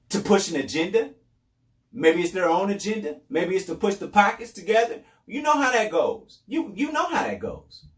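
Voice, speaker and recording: A man's voice: a little high, echoey room, distant mic. A man hosting a podcast, giving casual commentary in a loose, repetitive way with sarcastic asides. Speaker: podcast host.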